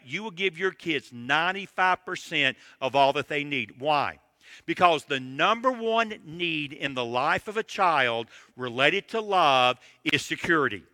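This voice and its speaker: Bright-voiced man preaching emphatically. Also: a little high, dry recording, big-room sound. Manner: emphatic, numbered points, direct address. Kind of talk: sermon.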